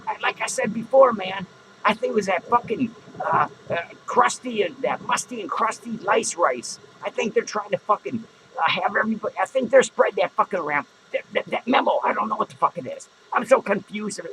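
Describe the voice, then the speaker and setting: A man's voice: sits high, animated, brisk, background noise. A man playing a drunken, foul-mouthed, hot-tempered male clown who slurs, rambles and swears. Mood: indignant ranting. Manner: slurring, rambling, swearing constantly. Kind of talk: improvised character comedy monologue.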